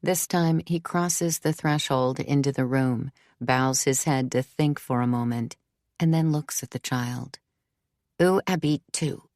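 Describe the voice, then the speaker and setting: A woman narrates an audiobook in a low voice. Her storytelling is measured, even and unhurried. The recording is dry and close, with no room sound. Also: dry recording. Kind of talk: scripted narration.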